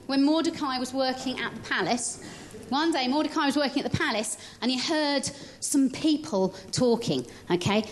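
Lively high-voiced woman telling a children's story. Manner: lively, directs child volunteers as she narrates. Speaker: children's talk leader in a church service. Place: church.

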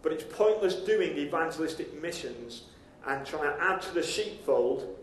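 A pastor with a high, light voice delivers a conversational sermon. He keeps turning to the congregation with direct questions. The sound is echoey, as if it were caught in a church hall. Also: lively intonation, normal speed, slight background noise.

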